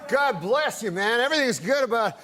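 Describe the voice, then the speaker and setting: A man with a high voice spins a long shaggy-dog joke on a talk show. His delivery is drawling and deadpan, folksy and unhurried. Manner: drawling, deadpan, folksy storyteller who puts on old-timer voices.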